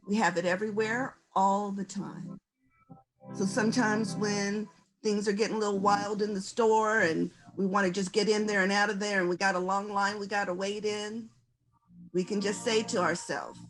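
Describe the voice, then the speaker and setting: A woman presenting a virtual conference workshop on stress reduction, talking in a gentle, folksy, conversational way as she coaches breathing. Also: mid-range voice, fairly even intonation, moderate pace, rough recording. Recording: music playing underneath.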